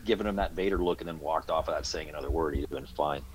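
Deep, fast-talking wry man. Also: a little hiss or hum. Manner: wry, blunt opinions. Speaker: podcast panelist. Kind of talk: casual movie review chat.

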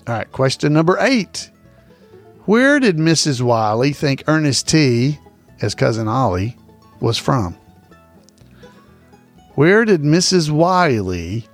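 A man's voice: a little high, very animated, slow pace, long pauses, faint music behind. A man hosting a casual trivia podcast, repeating each question in a folksy, chuckling way. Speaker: trivia host.

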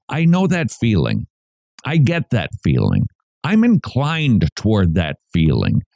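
A man hosts a Christian radio program in an earnest, preacher-like manner, often repeating his points for emphasis. He speaks slowly, with a lively, swooping pitch. The studio mic gives a close, dry sound. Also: no room sound. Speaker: radio host. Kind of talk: radio commentary.

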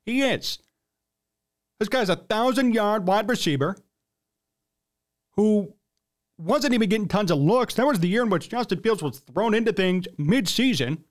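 Emphatic high-voiced sports talk host. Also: male voice, expressive, a little slow, pauses often. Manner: emphatic, blunt, riled up. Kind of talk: opinionated sports commentary.

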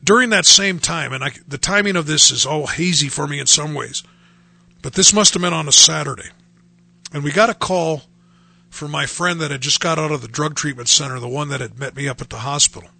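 A man's voice: on the high side, a little fast, gravelly, sharp tone. A man telling his personal faith testimony in a conversational way, acting out the voices he quotes. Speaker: speaker sharing his testimony.

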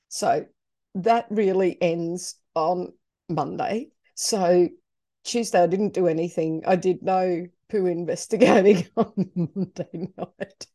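A middle-aged woman tells a true story from her own life. She talks casually and wanders off on side notes, and she acts out her own reactions as she goes. Her voice is mellow and sits at an ordinary pitch for a woman. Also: slow. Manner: chatty, digressive and expressive, acting out her own reactions. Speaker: podcast host telling a personal story.

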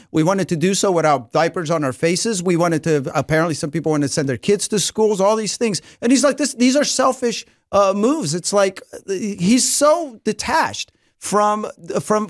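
A man's voice: high-pitched, no echo, studio quality. A man hosting a political podcast, reading a sarcastic monologue and then chatting emphatically with a guest. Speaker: podcast host. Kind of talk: scripted monologue then casual chat.

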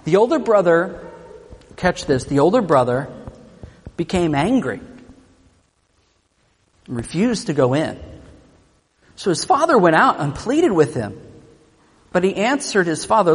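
A male pastor preaches with a fairly high, animated voice. He tells the story with playful jokes and quick asides. His words trail off into a long church-hall reverb. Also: husky. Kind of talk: sermon.

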